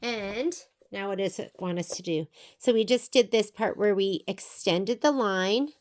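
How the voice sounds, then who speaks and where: A woman's voice: medium pitch, unhurried. A woman teaching a quilting project, talking through each step aloud as she works. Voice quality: chatty, thinks aloud while working. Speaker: sewing instructor. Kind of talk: quilting tutorial.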